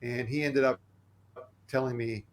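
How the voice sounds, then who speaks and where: An earnest male podcast guest recounts a personal story with animated energy. He slips into the voices of the people he quotes. His voice sits at an ordinary middle pitch for a man. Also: a little slow.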